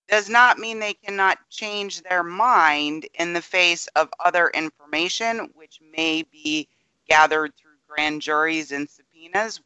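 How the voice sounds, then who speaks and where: A man co-hosting a podcast, explaining political news in a measured, careful way with some hesitations. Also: fairly high pitch, bright, forceful tone, smooth, dry recording, dull audio. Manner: measured, explanatory, hedging with ums. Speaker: podcast co-host. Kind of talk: casual political chat.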